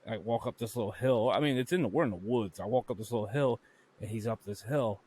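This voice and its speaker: A man's voice: mid-range voice, quick pace, a little mellow, a little hiss or hum. A man co-hosting a podcast, telling stories in a loose, profane, joking way. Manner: profane, storytelling, laughs often. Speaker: podcast co-host. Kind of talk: casual chat.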